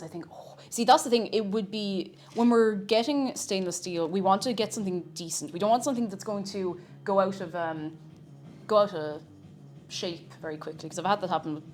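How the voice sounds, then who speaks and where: A woman's voice: medium pitch, a little mellow. A young woman chatting playfully with her viewers as she cooks in her kitchen on a live stream. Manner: chatty, playful, repeats words for fun. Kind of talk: casual chat while cooking on a live stream. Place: home kitchen. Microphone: desk microphone. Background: background music and frying sizzle.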